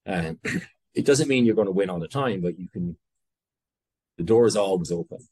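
In a dry recording, a guest entrepreneur from Ireland talks in a deep, expressive, somewhat rough voice with a darkish tone at a moderate pace. It's a conversational interview, and he's candid and rambling, interrupting himself and swearing casually along the way.

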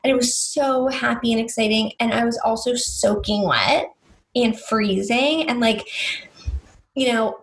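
A young woman with a slightly high voice tells a long personal story over casual chat. She talks in a chatty, rambling way, filling her sentences with "like" and acting out what people said. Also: a little slow, rough recording. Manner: chatty, lots of "like", animated retelling with quoted voices.

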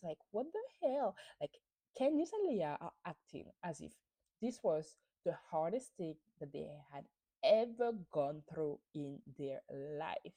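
A podcast host with a lowish, warm voice and big pitch swings speaks a little slowly as she recaps a reality show, casual and gossipy, airing her opinions with plenty of fillers.

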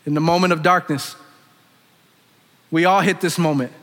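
A man preaching a sermon, swinging between loud impassioned calls and hushed, low asides. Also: steady tone, normal speed. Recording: long echoing reverb of a big hall.

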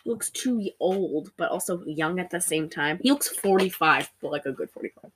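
A woman co-hosting a podcast, chatting casually as she recaps a movie and acts out its lines with big jumps in pitch. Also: expressive, moderate pace, a little hiss or hum. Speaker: podcast co-host.

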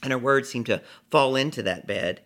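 A man telling a personal story with lively delivery, acting out the people in it. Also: medium pitch, normal speed. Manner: animated, acts out every character.

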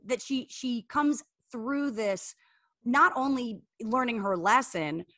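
A woman co-hosting a podcast in casual chat, animated and full of restarts. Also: fairly high pitch, no echo, studio quality. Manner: animated, talks in rapid bursts with many restarts. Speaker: podcast co-host.

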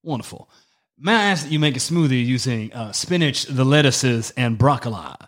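A man's voice: medium pitch, animated, normal speed, a bit bright. A man playing in a tabletop game, speaking politely and hesitantly with plenty of fillers. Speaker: player.

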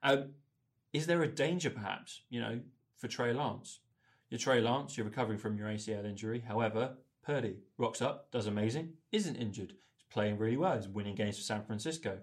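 A man's voice: fairly low pitch, a little fast. A Welsh man hosts a casual sports podcast with friends. He teases his co-hosts and steers the chat from one point to the next. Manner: teasing, leads the talk and reads ad plugs. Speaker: podcast host.

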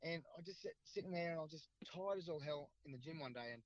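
A middle-aged Australian man rattles off his stories at a quick clip, rambling and slangy, doubling back on his own words. His voice sits a touch high for a man. The recording is dry and close but sounds dull and lo-fi. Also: dry recording. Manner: rambling, repeats himself, slangy. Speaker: guest, former rugby league player. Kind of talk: casual storytelling.

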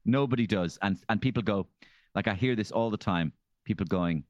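An Irish man as a comedian guest, telling animated stories in a casual chat and slipping into impressions. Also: on the low side, moderate pace, no room sound, lo-fi sound. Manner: animated storyteller, slips into impressions.

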